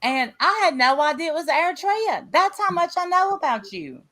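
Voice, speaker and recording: A woman's voice: very high voice, very animated, normal speed, sharp tone. Southern-accented woman from Tennessee, blunt casual co-host talk. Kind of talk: casual chat.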